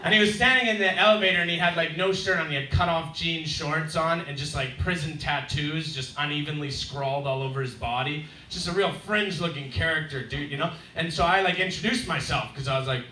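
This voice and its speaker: A man doing a stand-up set, telling a wry story and acting out his neighbours in loud voices. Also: fairly high pitch, brisk, few pauses, slight background noise. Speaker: stand-up comedian. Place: comedy club stage. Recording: roomy club sound, heard from a distance.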